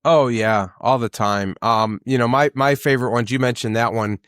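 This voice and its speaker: Rambling storytelling business owner. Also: male voice, medium pitch, steady tone, normal speed, fairly bright tone, clean tone, dry recording, clean studio sound. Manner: rambling storyteller, many fillers, acts out quotes. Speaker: business owner, podcast guest. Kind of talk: casual conversation.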